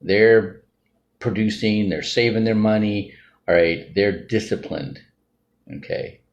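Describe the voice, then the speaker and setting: Deep-voiced man rambling casually. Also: takes it slowly, muffled recording. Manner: rambling, tags sentences with "right?" and "all right?". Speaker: financial group member sharing views. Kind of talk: casual unscripted monologue.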